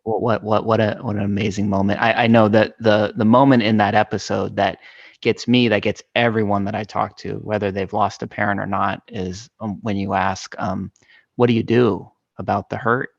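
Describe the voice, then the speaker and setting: Earnest low-voiced podcast host man. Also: level tone, moderate pace, creaky, no echo, dull audio. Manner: earnest, enthusiastic, stammering restarts. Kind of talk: casual conversation.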